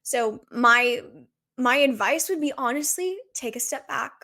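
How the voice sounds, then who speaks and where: A young woman in her twenties talks on her own podcast in a slightly high voice. She sounds earnest and reflective and keeps asking herself questions as she works through her thoughts. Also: a little slow, pushed and bright. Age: 20s. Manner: earnest, reflective, uses many rhetorical questions. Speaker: podcast host. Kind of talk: solo podcast talk.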